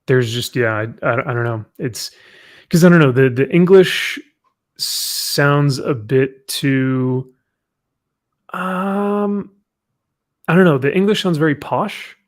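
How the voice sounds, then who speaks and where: A man's voice: a little high, slow. A man chatting casually as a podcast guest, rambling with lots of fillers.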